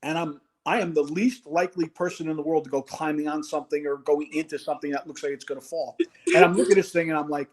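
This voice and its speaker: Fast-talking husky-voiced coach telling stories. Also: male voice, fairly high pitch. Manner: animated storyteller acting out quotes. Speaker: former college football head coach, guest. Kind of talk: casual storytelling interview.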